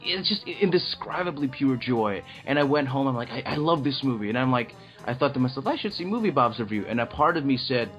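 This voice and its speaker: Profane excitable man, muffled sound. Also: mid-range voice, fast talker, few pauses, soft background music. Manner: excitable and profane, rambling with restarts. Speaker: podcast co-host. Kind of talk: casual movie review chat.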